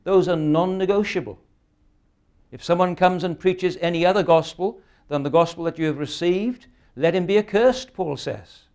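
Retired pastor, sixties, slightly higher voice, emphatic sermon delivery. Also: male voice, normal speed, a little mellow. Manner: earnest, emphatic preaching with rhetorical questions.

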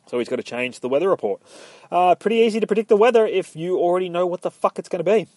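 A man's voice: high-pitched, animated, fast talker, darkish tone, no echo. A young man casually retelling a game's story in a rambling, profane way, slipping into quoted voices. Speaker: gamer recapping a story.

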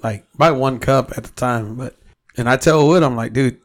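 A man's voice: mid-range voice, normal speed. Man telling a story, swearing freely. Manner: storytelling, heavy swearing, quotes himself. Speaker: podcast co-host. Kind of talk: casual chat.

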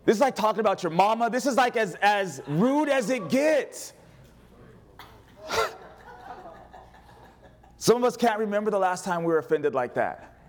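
A man preaching a sermon as pastor, animated and humorous, calling on the congregation to respond. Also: sits high, normal speed, pauses often.

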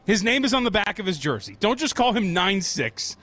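A man co-hosting a sports talk show in casual chat. His voice is a little higher than most, with a lively, swinging intonation. He argues in emphatic, opinionated rants. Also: brisk, few pauses, a little hiss or hum.

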